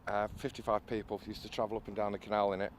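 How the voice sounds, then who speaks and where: A man's voice: on the low side, flat delivery, very fast, a little hiss or hum. A man telling a story about restoring an old canal boat, hesitating often with uhs and restarts. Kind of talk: casual interview anecdote.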